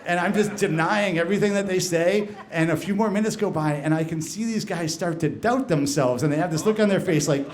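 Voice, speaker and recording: A man's voice: high-pitched, fairly quick, hardly any pauses. A man telling a first-person story at a live storytelling event, in a conversational way with frequent fillers and restarts.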